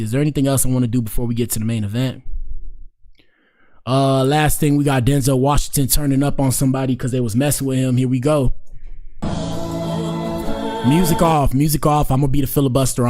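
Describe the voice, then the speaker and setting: A man's voice: medium pitch, fairly even intonation, fairly quick, warm tone, soft background music. An American man hosting his show, riffing in casual, slangy, rambling commentary with chuckling asides. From United States. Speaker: show host.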